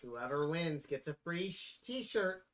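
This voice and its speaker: Man, 40s, enthusiastic guest, witty, a bit high-pitched. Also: lively intonation, takes it slowly, fairly bright tone. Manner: upbeat, enthusiastic, quippy. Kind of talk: casual chat on a live cooking stream. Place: home kitchen.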